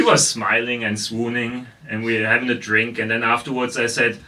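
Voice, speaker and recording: A man's voice: medium pitch, level tone, a little fast, hardly any pauses, sharp tone, far from the mic. A man with a German accent doing a stand-up comedy set with sardonic, mock-incredulous asides. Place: basement comedy club stage.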